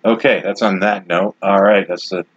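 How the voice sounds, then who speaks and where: Low, husky blunt-talking man in his forties. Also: steady tone, moderate pace, no echo, lo-fi sound. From Detroit, USA. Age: 40s. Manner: rambling, blunt and opinionated, with frequent asides. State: has the hiccups. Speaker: podcast host. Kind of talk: casual solo commentary.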